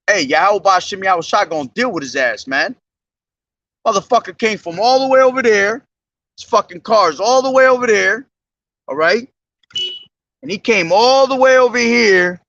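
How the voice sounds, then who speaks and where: A young man preaching outdoors at a bus station, slowly declaiming scripture, then talking in slangy, profane street speech into a camera he holds himself. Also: high voice, lively intonation, a bit bright, dry recording, muffled recording. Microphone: self-held camera.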